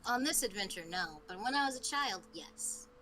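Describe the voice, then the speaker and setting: A woman's voice: mid-range voice, lively intonation, normal speed, pushed and bright, a little hiss or hum, rough recording. A woman chatting casually at a tabletop game table, playful and giggling often.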